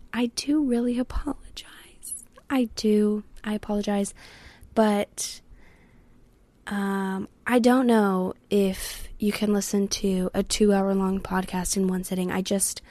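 A woman's voice: mid-range voice, dark tone, no echo. A young woman hosting a solo podcast, talking candidly and rambling, swearing freely and sometimes dropping to a whisper. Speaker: podcast host. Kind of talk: casual solo podcast chat.

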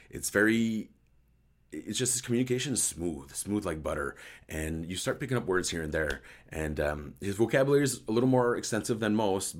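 A tired, hoarse male host with a slight French-Canadian accent, chatting casually and rambling as he answers a live chat. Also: lowish voice. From Quebec, Canada. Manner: rambling, self-deprecating, switches between English and French.

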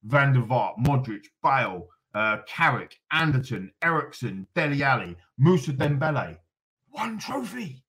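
A man's voice: mid-range voice, animated, normal speed, hardly any pauses, a bit bright, poor audio. A man ranting with passion on a fan podcast, reeling off lists and calling himself on a rant. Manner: ranting, emphatic, apologetic asides. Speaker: fan pundit guest.

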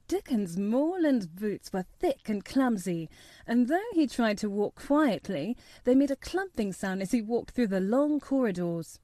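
A woman narrating a children's storybook in an expressive, measured reading. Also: fairly high pitch, dry recording.

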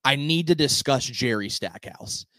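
Young guy from nashville cohosting a podcast, pitch jumps all over as he retells stuff, dry close sound. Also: a little slow, dry recording. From Nashville, Tennessee. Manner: animated storytelling, acts out his own yelling. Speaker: podcast co-host. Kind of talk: casual chat.

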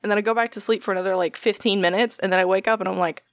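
Talking very fast in a steady tone, a young woman spins a rambling story on a casual podcast chat, cursing freely and mimicking the people she quotes. Her voice sits at an ordinary pitch. It's recorded dry and close to the mic with no room sound.

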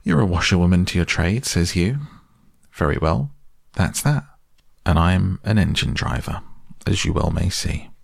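A burly, good-natured engine driver speaks in homely country talk, as a male reader puts him on. The voice is deep and gravelly, recorded dry and close. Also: animated, moderate pace, no echo, heavily acted. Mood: kindly. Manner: homely country dialect, easygoing. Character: kindly burly rustic engine driver, middle-aged man.

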